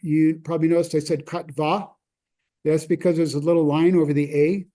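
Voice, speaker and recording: A man lecturing from slides, halting often with fillers and restarts. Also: on the high side, level tone, mellow.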